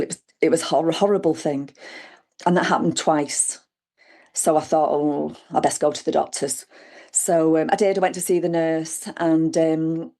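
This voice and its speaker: A middle-aged woman, telling her own story in a chat and acting out what people said. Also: on the low side. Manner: lively, animated retelling with acted quotes. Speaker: guest sharing her story. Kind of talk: conversational storytelling.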